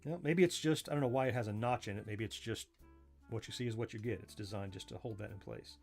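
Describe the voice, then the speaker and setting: His voice is lowish, creaky and darkish, and he talks fast over faint background music. The man has a Southern US accent, was born in southern Florida to a Missouri family, and keeps up folksy, self-mocking livestream chatter, chuckling and reasoning aloud as he dismantles a joystick.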